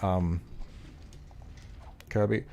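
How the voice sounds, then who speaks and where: A man's voice: low voice, steady tone, drawn-out words, creaky, darkish tone. A male game streamer talking casually while he plays, rambling and opinionated, with lots of fillers and some swearing. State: out of breath. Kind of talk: casual gaming livestream chat.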